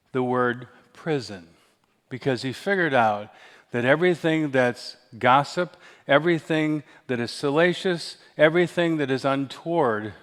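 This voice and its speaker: Older male pastor in a reverberant sanctuary. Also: mid-range voice. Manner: storytelling with acted-out whispers and humor. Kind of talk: sermon. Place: large church sanctuary. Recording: reverberant church hall.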